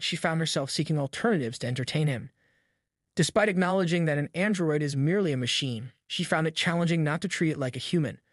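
Steady male recap narrator, dry close sound. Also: a little high, dry recording. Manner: even, steady retelling in third person. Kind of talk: scripted story recap narration.

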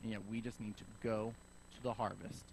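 A man preaching a sermon as pastor, telling a story in a lively way and acting out both sides of the conversation. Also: fairly low pitch, brisk, vocal fry, a little hiss or hum, low-quality recording. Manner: animated storyteller acting out dialogue.

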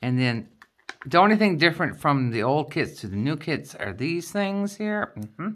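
A woman's voice: sits low, sing-song, moderate pace. A middle-aged woman vlogging a craft kit unboxing, explaining each item in a chatty, step-by-step way. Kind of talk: casual unboxing chat.

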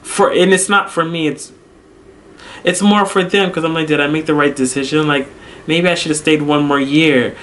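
A young man, an English teacher, telling a personal story in a casual vlog, animated and full of fillers, acting out his own reactions. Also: fairly high pitch, moderate pace. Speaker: vlogger, English teacher abroad.

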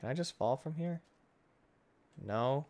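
Excitable man narrating his gameplay. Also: medium pitch, measured pace. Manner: excitable, jumps between loud outbursts and hushed muttering. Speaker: gaming channel host. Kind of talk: casual let's-play commentary.

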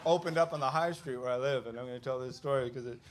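A Canadian stand-up comedian in his fifties telling stories with lots of swearing and quick asides to the audience. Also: mid-range voice. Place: comedy club stage with audience. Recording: noisy club recording. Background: audience laughter and room noise.

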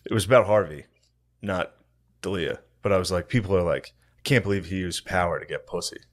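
A young man co-hosting a podcast, a comedian tossing out dry, profane deadpan one-liners. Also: sits low, brisk. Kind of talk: casual podcast banter.

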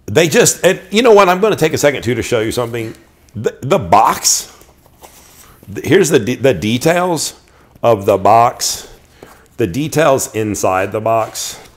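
A man's voice: mid-range voice, lively intonation, a little slow. A middle-aged man casually showing off his knives, enthusiastic and rambling, often restarting his sentences. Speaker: knife collector reviewing knives. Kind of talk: casual show-and-tell.

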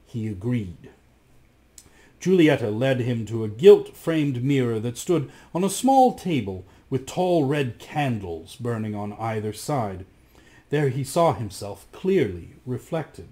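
A man reading a fairy tale aloud as a storyteller, with expressive, dramatic delivery. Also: mid-range voice, unhurried.

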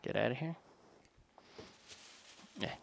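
A man's voice: takes it slowly, no echo. A man casually narrating his home cooking in a kitchen, rambling and joking at his own expense. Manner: joking, rambling, self-deprecating. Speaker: home cook vlogger.

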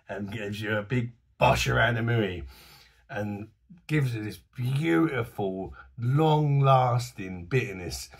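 A man with a husky voice, casually reviewing a beer to camera in a chatty, enthusiastic, slangy way, his voice going a bit hoarse. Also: mid-range voice, a bit bright. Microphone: phone camera.

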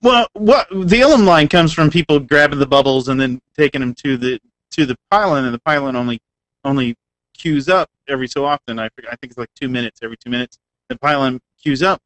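A man appearing as a guest writer on a gaming podcast, speaking in a wry, relaxed way as he explains game details. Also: mid-range voice, brisk, poor audio. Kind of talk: casual gaming podcast chat.

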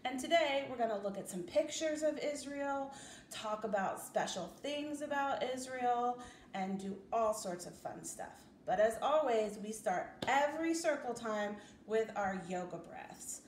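A young woman teaching preschoolers at circle time, her voice a touch high and her pace very slow and careful. She coaxes the children to repeat after her in a gentle sing-song. The sound is roomy and echoey, with faint hiss behind. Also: lively intonation.

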